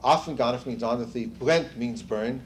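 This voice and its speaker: Older man, seminar leader, middle-pitched voice, anecdotal lecturing, quizzes listeners, faint hiss. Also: moderate pace. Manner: storytelling, quizzes the group; asides, frequent "you see". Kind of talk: conversational lecture.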